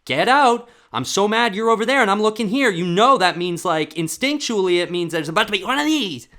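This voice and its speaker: A man voicing a rude, furious old linesman in his seventies who yells and belittles an athlete. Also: high voice, animated, brisk, voice pushed up, full character voice. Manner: yelling, belittling.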